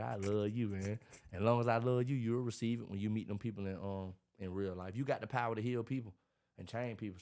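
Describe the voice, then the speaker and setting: A man, talking in a casual interview about his life, animated and preachy, acting out what others say. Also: on the low side. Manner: animated, preachy storytelling with acted-out quotes. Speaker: podcast guest, motivational speaker.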